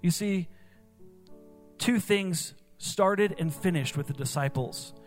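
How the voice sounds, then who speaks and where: Higher-voiced pastor preaching over soft music. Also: male voice, slow, big-room sound. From New Jersey. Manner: conversational preaching with fillers like "like" and "you know". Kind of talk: sermon. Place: church.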